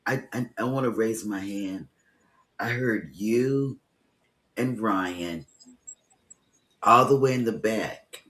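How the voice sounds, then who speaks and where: A man joking slowly and casually on a live show. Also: lowish voice, a bit bright, echoey room.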